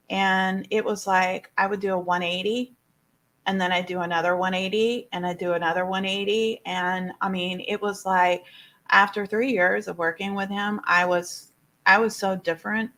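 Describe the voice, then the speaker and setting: A woman at a mid pitch tells her own story to a listening audience. She speaks as a coach, expressive and loose, with plenty of "you know" and words said twice and three times. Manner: expressive, with many fillers and repeated words. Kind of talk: telling a personal story to an audience.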